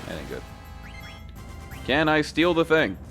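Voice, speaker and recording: A man's voice: a little high, wildly swooping pitch, a little slow, a bit bright, soft background music. A man giving casual, joking commentary while he plays a video game, laughing often and reading the game's dialogue aloud. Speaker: gaming streamer. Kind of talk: casual let's-play commentary.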